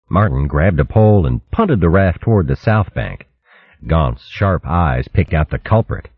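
A man narrating a storybook in an even, measured reading. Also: deep voice, slightly rough, no echo, muffled recording. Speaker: audiobook narrator.

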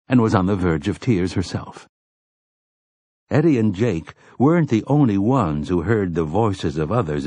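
A man reads a novel aloud in a measured, even storytelling voice. His voice sits low. The recording is dry and close with no room around it. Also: husky, no echo. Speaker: audiobook narrator. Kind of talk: scripted narration.

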